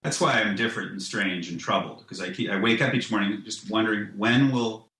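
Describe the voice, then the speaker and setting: Rambling man with a bright voice. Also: on the low side, fairly quick, roomy sound, low-quality recording. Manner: rambling, many restarts and "you know"s; animated, laughs at his own ideas. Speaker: guest, comic writer. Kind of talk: casual podcast conversation.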